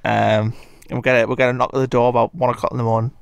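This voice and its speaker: A man's voice: mid-range voice, rapid-fire, creaky, clear, resonant tone, dry recording. Young Northumbrian man telling a story. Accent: Northumbrian English. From Northumberland, England. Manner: animated, swearing, laughs through the story. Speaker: podcast co-host. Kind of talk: casual storytelling.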